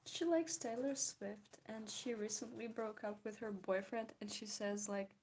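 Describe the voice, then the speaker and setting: Giggly, soft-toned young woman chatting. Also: mid-range voice, fairly even intonation, a little slow, hardly any pauses, a little hiss or hum. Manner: giggly, chatty, reads and answers chat. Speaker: streamer chatting with viewers. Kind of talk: casual chat while drawing.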